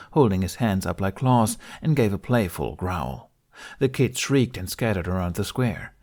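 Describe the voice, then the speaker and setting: A man reading fan fiction aloud as audiobook narration, steady and measured. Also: sits low. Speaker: podfic reader.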